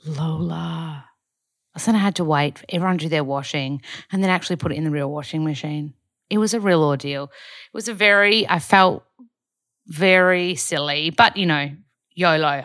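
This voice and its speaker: A woman's voice: low-pitched, a bit bright, no room sound. A young woman chatting casually in a rambling way about her routine for a video diary. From Australia. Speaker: vlogger and podcaster. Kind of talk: casual chat.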